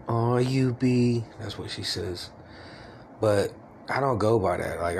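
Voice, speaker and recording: A man in his forties with a low, gravelly voice rambles through a personal vlog, confiding and self-deprecating. A faint hiss of background noise sits under his talk. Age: 40s.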